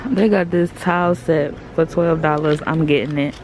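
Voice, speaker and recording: A young woman tells stories in a casual vlog. She talks into a handheld phone from her car and a store aisle. She is chatty and animated, slipping into playful voices for the people she quotes. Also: low-pitched, moderate pace, slight background noise. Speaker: vlogger.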